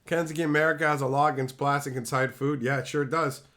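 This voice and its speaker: A man's voice: on the high side, steady tone, fast, a bit bright. A man streaming live, chatting casually and riffing on viewer messages with crude, profane jokes. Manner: crude, profane joking banter; riffs on viewer chat messages. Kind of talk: casual livestream chat.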